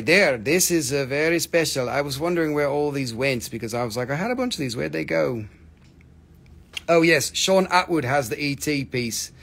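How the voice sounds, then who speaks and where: Excited man selling minerals live. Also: fairly high pitch. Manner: animated, reads chat comments aloud, bursts into excited shouts. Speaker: live-stream mineral seller. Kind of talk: live-stream sales chat.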